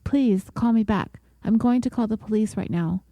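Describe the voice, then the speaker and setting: A frightened male driver pleads for help in halting, broken-off phrases, read out by a woman narrator. Her voice stays mellow and a little high. The sound is close and dry. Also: no room sound, lightly acted. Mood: pleading.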